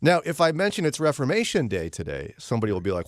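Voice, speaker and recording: Animated male radio host, dry studio sound. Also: mid-range voice, fast talker, hardly any pauses, dry recording. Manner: animated, mimics angry listeners in raised voices. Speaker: radio morning show host. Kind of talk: casual radio chat. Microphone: studio microphone.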